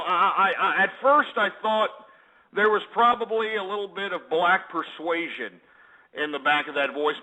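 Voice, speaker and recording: A man's voice: sits high, sharp tone, rough recording. A man hosting a comedic call-in show, with brash, mocking, boastful shock-jock patter. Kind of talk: comedic call-in radio parody.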